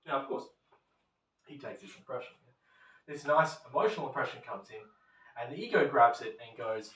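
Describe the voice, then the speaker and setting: Speaking at normal speed with long pauses, this man's mid-range voice carries a relaxed classroom lecture. He's an animated storyteller who performs small quoted voices, heard at a distance in a room full of echo.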